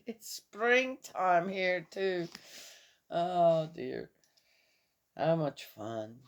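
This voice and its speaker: A woman in her fifties talks through a casual morning vlog, still a little tired. Her voice sits low and she takes her time, rambling from one thought to the next and chuckling often. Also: very animated, drawn-out words, long pauses. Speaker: vlogger.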